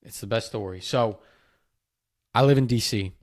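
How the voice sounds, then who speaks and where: A man hosting a podcast, telling a story in an animated, enthusiastic way. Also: fairly low pitch, moderate pace, dry recording, clean studio sound. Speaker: podcast host. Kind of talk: casual podcast chat.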